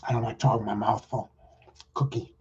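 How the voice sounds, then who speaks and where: A middle-aged man with a husky, dark voice talks in a loose, rambling way, full of fillers and restarts. He leads a loving-kindness meditation for a group. The sound is dull and lo-fi, like audio from an online call. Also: medium pitch, fairly even intonation, fairly quick. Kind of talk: casual chat and guided loving-kindness meditation.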